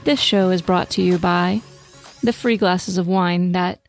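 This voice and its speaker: A woman's voice: fairly low pitch, steady tone, unhurried, soft background music. A woman co-hosting a podcast in casual chat, playful and teasing with her co-host.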